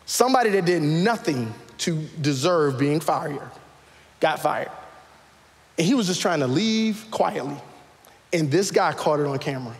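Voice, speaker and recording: A man's voice: a little high, a little slow, gravelly, long reverb tail. A man preaching a sermon as pastor to a live church congregation, calling out questions and asking for raised hands. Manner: animated, calls out questions to the congregation.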